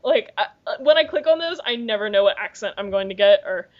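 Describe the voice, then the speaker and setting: A woman's voice: mid-range voice, animated, quick pace. A young woman co-hosting a podcast in casual chat, rambling and giggling through stories. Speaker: podcast co-host. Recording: lo-fi muffled podcast audio.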